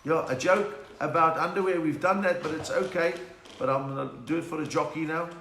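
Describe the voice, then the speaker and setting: On his home livestream, a middle-aged comedian with a South African accent talks a little fast in a slightly bright, high-side voice. Chatty with his viewers, he tells jokes and slips into laughing bits of song. Faint hiss and room echo are audible.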